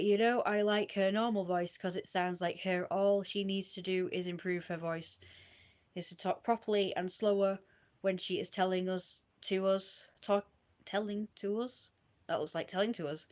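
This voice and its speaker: A British woman with a slightly low voice streams herself reading old diary entries aloud. She moves through the pages haltingly, tripping over her own old writing and picking the sentence back up. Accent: British English.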